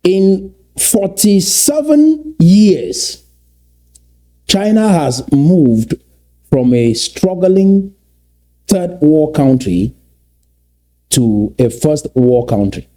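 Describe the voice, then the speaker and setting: A man's voice: mid-range voice, lively intonation, drawn-out words, long pauses, warm tone. A man from Cameroon giving lecture-style commentary, emphatic and repetitive, drawing out words to stress his points. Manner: emphatic, repeats key phrases, stretches words for stress.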